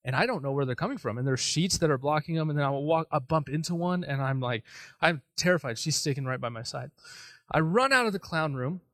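A man preaching a sermon, telling a personal story in an animated, self-deprecating way. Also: on the high side, brisk, no echo. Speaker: pastor.

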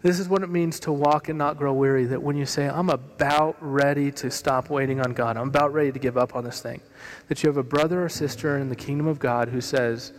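A man preaching a sermon as a pastor, telling a story with humor and lively delivery in a church hall. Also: a little high, fairly quick. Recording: long reverb of a hall.

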